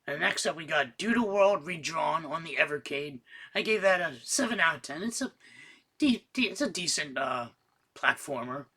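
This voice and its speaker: Excitable, profane man reviewing games. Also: a little high, normal speed, husky. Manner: casual, profane, excitable rants. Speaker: gaming YouTuber. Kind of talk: casual game roundup.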